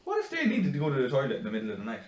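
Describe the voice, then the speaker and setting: Speaking very fast at a medium pitch, this podcast co-host trades casual banter, cursing freely and performing the lines of the stories he tells with animation. The room echoes and he's well back from the microphone.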